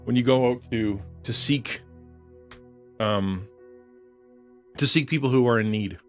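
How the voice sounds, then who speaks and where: A man's voice: medium pitch, a little slow, soft background music. A man preaching earnestly on a livestream, repeating phrases for emphasis. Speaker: online pastor. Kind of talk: livestream sermon.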